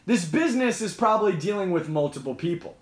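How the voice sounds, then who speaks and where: A man's voice: sits high, animated, quick pace, reverberant. A man hosting a casual live Q&A, chatty and emphatic, repeating points as he explains. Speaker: host.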